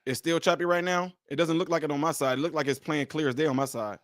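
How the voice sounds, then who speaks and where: A man's voice: on the high side, fairly even intonation, fast, no room sound, studio quality. A man hosting a casual livestream, talking straight to his viewers, repeating his points emphatically. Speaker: livestream host.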